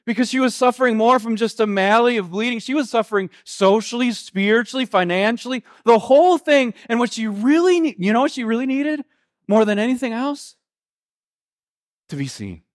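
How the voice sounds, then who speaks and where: A man preaching a sermon, retelling a Gospel story in an earnest, halting way, with frequent restarts and slow, quiet quotations. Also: very high-pitched, animated. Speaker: pastor.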